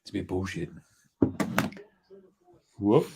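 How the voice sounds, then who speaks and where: A man's voice: low-pitched, takes it slowly, creaky, noisy background. Australian male host, casual live stream banter, joking and chatty. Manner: joking, chatty, talks to his baby.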